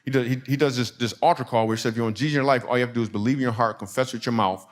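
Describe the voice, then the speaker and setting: Man, middle-aged, comic storyteller, from Michigan, acts out dialogue, mid-pitched voice. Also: racing. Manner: animated storyteller acting out dialogue, audience laughing. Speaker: comedian and speaker. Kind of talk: comedic storytelling message.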